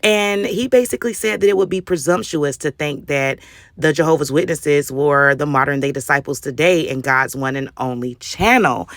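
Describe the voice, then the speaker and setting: A woman vlogger telling a story in a casual, animated, slangy way with frequent laughter. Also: deep voice, no echo, studio quality. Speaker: YouTube vlogger. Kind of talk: casual commentary vlog.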